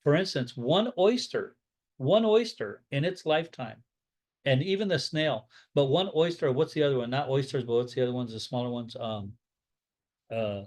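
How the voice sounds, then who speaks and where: A man of ordinary middle pitch teaches a Bible study in a loose, unscripted way. He rambles, restarts sentences and searches for words aloud. When he tells a story, he acts out both sides of the conversation with energy. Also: normal speed. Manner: rambling, off-the-cuff, with many fillers and restarts; opinionated, tells stories with lively acted-out dialogue. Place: Florida.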